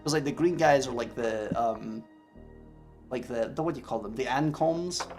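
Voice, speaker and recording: A man's voice: medium pitch, normal speed, a little mellow, faint music behind. A tired man streaming a tabletop game, rambling casually to his viewers and filling his talk with "like.". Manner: rambling, filler-heavy with constant "like".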